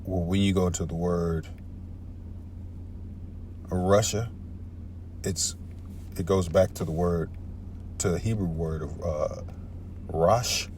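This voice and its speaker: Low-voiced dude going off on bible prophecy, cussing a lot, says man and bro constantly, faint car hum in back. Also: a little mellow. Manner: heated and profane, peppered with "man" and "bro". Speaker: street-style scripture teacher. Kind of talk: casual profane Bible teaching.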